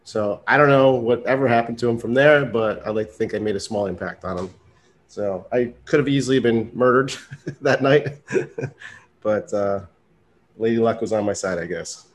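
A man's voice: on the low side, moderate pace. A man co-hosting a podcast, casually telling a story with fillers and frequent laughs. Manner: loose storyteller, laughs often, many fillers. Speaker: podcast co-host.

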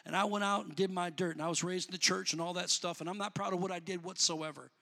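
A man preaching a sermon, talking in a plain, colloquial way to the congregation and rising to shouts before dropping back to easy talk. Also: high-pitched, fairly even intonation, fast, gravelly. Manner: builds to shouting, then drops back to conversational.

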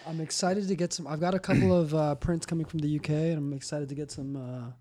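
A man's voice: on the high side, steady tone, fast talker, warm tone. A man co-hosting a podcast, chatting in an easygoing way and chiming in with short reactions. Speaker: podcast co-host. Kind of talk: casual chat.

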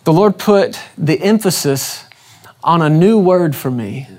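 A man preaching a sermon with a lively, swooping voice that climbs and falls as he drives each point home. He talks emphatically, repeats his questions, and calls on the congregation to answer back. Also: a little high, unhurried.

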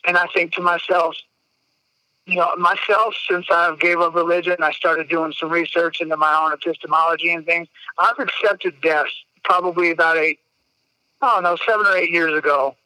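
A man's voice: fairly high pitch, flat delivery, moderate pace, sharp tone, smooth, no echo, low-quality recording. A man, telling a personal story on a podcast in a candid, emotional way, swearing freely. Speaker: podcast guest. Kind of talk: casual storytelling.

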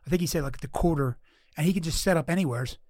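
A man's voice: a little high, fast, darkish tone, no echo. A man hosting a casual podcast, rambling, swearing and laughing as he talks. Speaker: podcast host. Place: home studio.

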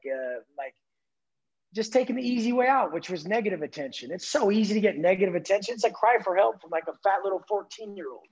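A man's voice: high-pitched, husky, highs cut off. A man guest on a podcast giving an intense, blunt, profane motivational talk.

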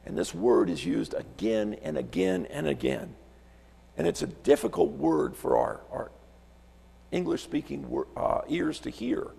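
Gravelly male preacher in a reverberant church. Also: mid-range voice, expressive, measured pace, mellow. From Alaska. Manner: storytelling, rhetorical questions, repeats words. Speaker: visiting pastor. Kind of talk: sermon. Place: church sanctuary.

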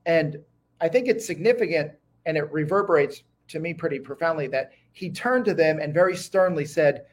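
A man's voice: a little high, moderate pace. A man speaking as a guest historian in an interview, eager and talking in bursts with many restarts. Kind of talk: conversational interview.

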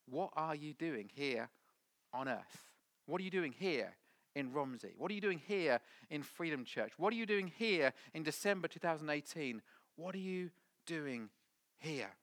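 A man voicing God as a patient, questioning presence, speaking low and quietly. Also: lively intonation, a little slow, no room sound. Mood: gentle, searching.

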